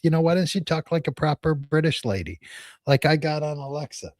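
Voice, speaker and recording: A man's voice: a little high, expressive, fairly quick, a little mellow, dry recording. A man hosting a livestream, an attorney telling stories in a chatty way and laughing often. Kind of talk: casual livestream chat.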